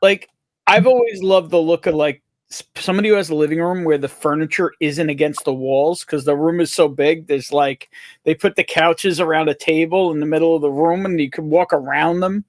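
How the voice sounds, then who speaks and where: A man's voice: on the high side, brisk, no room sound. New man hosting a rambling stream. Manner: rambling, profane, restarts often. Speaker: stream host. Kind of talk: casual livestream chat.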